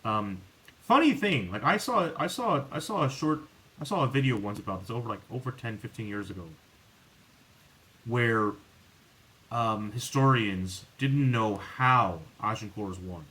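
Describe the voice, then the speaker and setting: Slightly slow and mid-range, the man's voice comes through a rough recording as he hosts a podcast. He rambles in casual conversation, restarting often and leaning on fillers, and livens up whenever he's exasperated.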